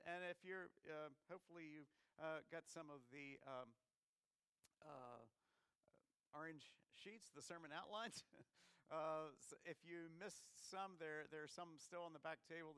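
An American pastor gives a chatty sermon, often restarting his sentences and asking the congregation questions. His voice is high and smooth. The sound is close and dry. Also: pushed and bright, no echo.

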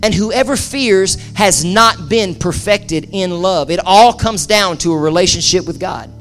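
Impassioned high-voiced male pastor preaching. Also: a little slow, faint music behind. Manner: impassioned, swings from loud to hushed, repeats phrases. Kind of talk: sermon. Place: church service with live audience.

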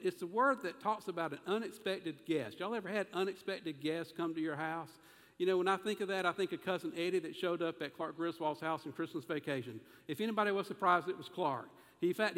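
Animated high-voiced preacher, reverb. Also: male voice. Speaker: pastor. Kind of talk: sermon. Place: church sanctuary. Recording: long reverb of a church sanctuary.

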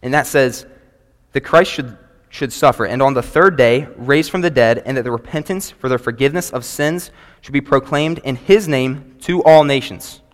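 A man, preaching a sermon to a congregation in an earnest, measured way and reading scripture aloud. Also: mid-range voice. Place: church sanctuary before a congregation. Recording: long reverb of a large hall.

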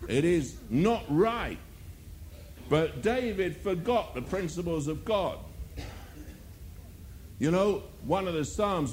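A man's voice: on the high side, a little hiss or hum. A male preacher delivering a sermon, firing rhetorical questions and mocking asides.

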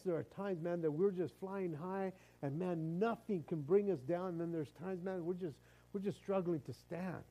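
High-voiced, mellow-toned preaching man. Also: low-quality recording. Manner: conversational preaching with frequent stammered restarts. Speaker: pastor. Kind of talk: sermon.

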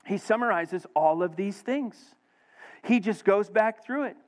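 A middle-aged man preaching a sermon, swinging between loud emphasis and hushed storytelling. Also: high voice, unhurried. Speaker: pastor.

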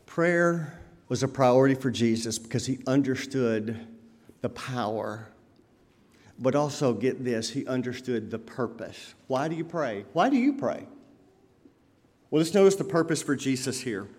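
A man preaching a sermon as pastor, swinging between loud emphatic lines and quiet lowered ones. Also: moderate pace, in a large hall.

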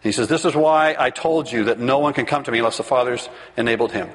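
Animated preaching man in a reverberant hall. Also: medium pitch, fast talker. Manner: animated, reads scripture and acts out the crowd's questions. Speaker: pastor. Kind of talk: sermon.

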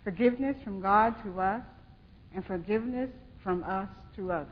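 A woman co-leading a sermon, calmly explaining and answering with amens. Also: mid-range voice, moderate pace. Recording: dull sound with long hall reverb and faint noise.

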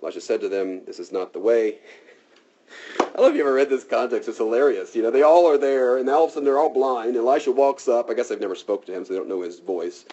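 A man's voice: mid-range voice, fast, background noise. A man preaching a conversational sermon, casual and talky, often checking in with "right?", in a dull lo-fi recording.

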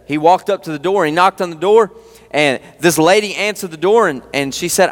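A fired-up male preacher with a high voice, talking straight to the room with folksy asides. His voice rings out with a long reverb through a church hall. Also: animated, brisk. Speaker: youth pastor. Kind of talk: sermon.

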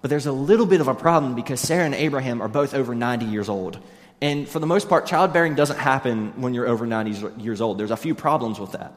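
A man's voice: medium pitch, fast. A man preaching a sermon as pastor, earnest and conversational, addressing wives directly, recorded in a large hall with long reverb.

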